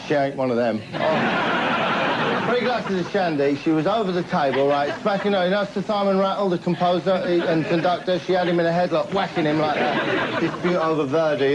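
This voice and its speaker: Boastful man, dull noisy TV tape. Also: fairly high pitch. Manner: boastful, name-dropping, chatty with tag questions. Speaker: comedy show host. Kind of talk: comic monologue to camera. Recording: dull lo-fi TV recording with noise.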